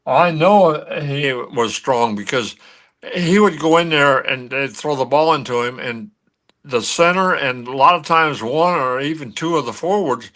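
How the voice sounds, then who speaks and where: Older guy, ex-pro athlete, telling old stories on a sports talk show, tense bright voice, lots of restarts. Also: mid-range voice, unhurried. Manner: animated anecdote-telling with frequent restarts. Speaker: guest, former pro athlete.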